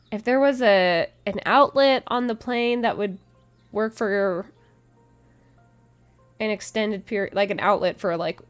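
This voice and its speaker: A woman streaming a game, chatting casually with her viewers, giggling often and restarting her sentences. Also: medium pitch. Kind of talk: casual chat with chat.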